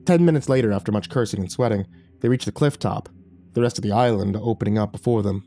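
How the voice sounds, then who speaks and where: A man giving scripted narration of a horror story with measured, dramatic storytelling. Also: fairly low pitch, mellow, faint music behind.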